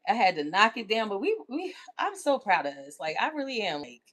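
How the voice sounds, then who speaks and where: A woman's voice: medium pitch, big pitch swings, a little fast, fairly bright tone. A woman hosting a livestream in casual chat, candid and self-affirming, who keeps asking "you know what I'm saying?". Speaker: livestream host.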